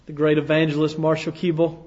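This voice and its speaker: A male preacher telling a sermon as dramatic second-person storytelling, dropping to a hush and rising to loud declarations. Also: a little high, completely flat delivery, fairly quick. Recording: echoey hall, dull lo-fi sound.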